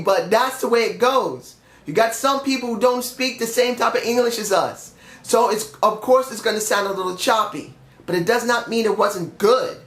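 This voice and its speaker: The voice is extremely high and a bit bright, captured with a roomy sound. It belongs to a young man who, while sick, reviews a wrestling show by himself in a blunt, opinionated rant with some swearing.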